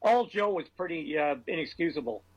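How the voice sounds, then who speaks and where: A man's voice: on the high side, expressive, a little fast, husky, dull audio. A man from Massachusetts, a political columnist guest, making wry, dry remarks in casual chat. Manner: wry, dry humor, hesitant restarts.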